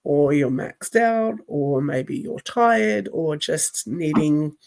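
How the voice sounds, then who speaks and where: A woman co-hosting a casual podcast, reflective and quick to laugh. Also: low voice, animated, gravelly, a little mellow. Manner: slow, reflective, laughs often. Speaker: podcast co-host. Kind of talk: casual chat.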